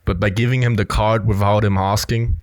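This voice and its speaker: A man's voice: fairly low pitch, steady tone, a little fast, no echo. A man giving blunt, assertive casual commentary on a film clip, often filling with "you know". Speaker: body language commentator.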